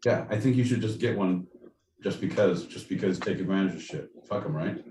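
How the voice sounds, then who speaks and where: A man's voice: deep voice, fairly quick, dark tone, far from the mic. A man co-hosting a podcast in casual chat, rambling, jokey and profane. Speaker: podcast co-host. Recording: roomy sound, off-mic, faint noise.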